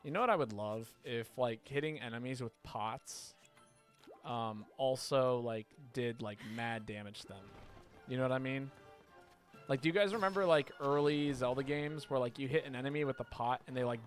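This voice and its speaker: A man chatting casually while livestreaming a video game. He rambles, swears, and reacts loudly when something surprises him. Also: medium pitch, normal speed, faint music behind. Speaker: streamer playing a video game.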